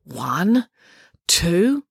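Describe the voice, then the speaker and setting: A woman's voice: fairly low pitch, very animated, extremely slow, vocal fry, breathy edge, no room sound, studio quality, heavily acted. A woman voicing a bold, sarcastic young girl who is eager and cheeky.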